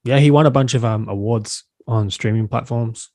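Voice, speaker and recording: A man hosting a podcast, asking questions in a relaxed, casual way. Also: mid-range voice, no echo, clean studio sound. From Australia. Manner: relaxed, quick quiz-style questions. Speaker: podcast host. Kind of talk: casual interview chat.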